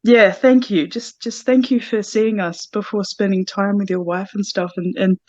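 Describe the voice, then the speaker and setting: Woman participant, tearful and halting, grateful, dull muffled call audio. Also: mid-range voice, fairly even intonation, a little mellow, no room sound. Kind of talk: casual chat.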